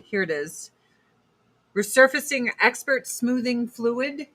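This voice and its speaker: A middle-aged woman hosts a casual livestream. She talks bluntly and rambles, with plenty of swearing, at a medium pitch. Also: fairly even intonation, slow, pushed and bright, a little hiss or hum. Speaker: livestream host selling beauty products.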